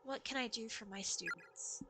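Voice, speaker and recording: A woman voicing a gentle young woman teacher who is dying, reading her lines softly and slowly. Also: a little high, background noise, voice pushed down, lightly acted. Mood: tender. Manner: soft, slow, hushed reading.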